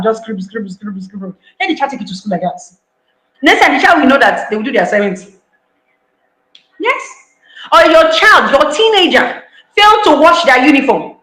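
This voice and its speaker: A woman's voice: high voice, bright, forceful tone, reverberant, rough recording. A woman giving an online parenting talk, emphatic, repeating key lines and acting out parents' voices. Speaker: parenting speaker.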